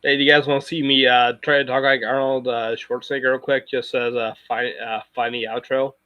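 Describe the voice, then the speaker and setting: A man's voice: mid-range voice, flat delivery, a little fast, no room sound, lo-fi sound. A man chatting casually on a live stream, rambling and circling back with frequent restarts. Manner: rambling, full of fillers and restarts.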